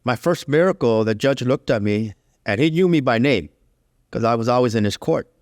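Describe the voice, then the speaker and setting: A man's voice: medium pitch, animated, normal speed, dry recording, clean studio sound. A middle-aged man, a guest telling his life story in a candid, conversational way, full of "you know" fillers.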